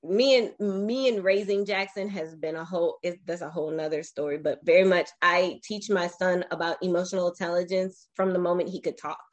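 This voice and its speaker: A woman in her forties, a podcast interview guest, telling her own life story in an animated, emotional way with frequent restarts. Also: on the low side, a little fast, few pauses.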